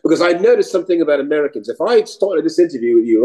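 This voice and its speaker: Mellow-voiced man telling a story. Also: a little high, quick pace, hardly any pauses, poor audio. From New York. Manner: animated, switches voices mid-story, swears casually. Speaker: guest actor and comedian. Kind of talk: anecdotal storytelling.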